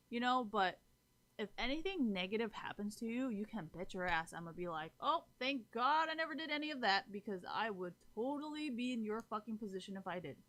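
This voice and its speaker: A woman's voice: mid-range voice, a bit bright. A woman livestreaming who talks bluntly to her viewers, rants, swears freely and keeps asking if they follow. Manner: keeps checking in with listeners. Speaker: live streamer. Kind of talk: casual talk to stream chat.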